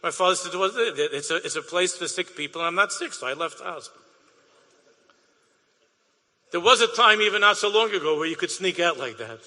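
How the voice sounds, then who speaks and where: A man's voice: high voice, lively intonation, fast, sharp tone, in a large hall. A man, a rabbi, tells an emotional story to an audience, dropping Yiddish and Hebrew words and repeating his phrases.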